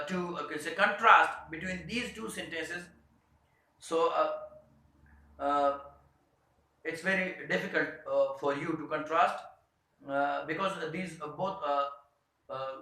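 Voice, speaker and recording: A man teaching English grammar in a classroom-style lesson, his voice high and bright. He talks haltingly, leaning on "uh" and "you can say" as he searches for words. The room around him is strongly echoey.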